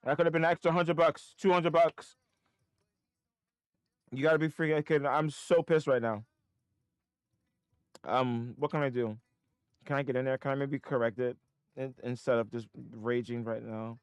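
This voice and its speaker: A man's voice: medium pitch, steady tone, moderate pace, long pauses, clear, resonant tone, no echo. A man streaming live market trades, muttering to himself and breaking into frustrated, swearing outbursts. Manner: self-critical, talking to himself.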